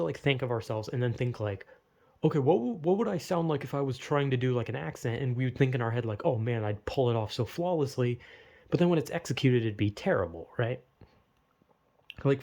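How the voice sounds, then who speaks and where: Gravelly young man rambling casually. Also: mid-range voice, a little mellow. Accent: slight Southern US. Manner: rambling, heavy "like" fillers, swears casually, laughs at himself. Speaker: podcaster musing solo.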